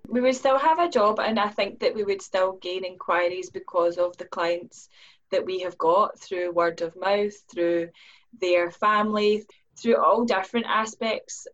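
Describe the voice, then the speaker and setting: A woman's voice: mid-range voice, a little slow. Woman, podcast guest, earnest, acts out inner voices, slightly muffled sound. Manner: earnest, acts out her own inner questions in lively voices. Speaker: guest, business owner. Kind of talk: podcast conversation.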